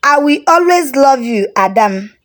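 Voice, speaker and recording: A woman doing a gentle, reassuring father. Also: high voice, lively intonation, measured pace. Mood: comforting. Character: loving middle-aged father comforting his daughter.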